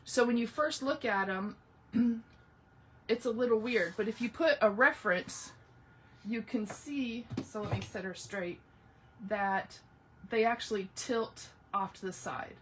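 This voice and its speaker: A woman's voice: a little high, a little slow, breathy edge, far from the mic. A woman hosting a casual live craft tutorial, chatting and greeting viewers by name as she works. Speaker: craft livestream host.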